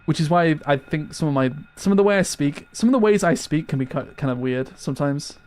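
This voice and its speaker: A man's voice: a little high, a little fast, a little mellow. A young man with an English accent talks casually while streaming a horror game. He chats loosely and laughs often, poking fun at himself. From England. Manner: chatty, laughs often, self-deprecating. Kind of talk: casual gaming stream chat.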